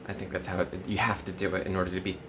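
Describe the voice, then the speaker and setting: A man in his twenties doing a mock-earnest parody vlog, full of valley-girl fillers and sudden swoops in pitch. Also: flat delivery, very fast, background noise. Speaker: comedy vlogger.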